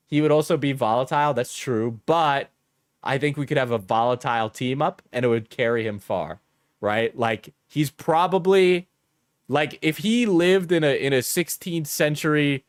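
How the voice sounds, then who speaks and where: A man's voice: mid-range voice, dry recording, clean studio sound. A man hosting casual online commentary, rambling and mocking with crude jokes, constantly saying "like" and "right?". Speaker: commentary channel host.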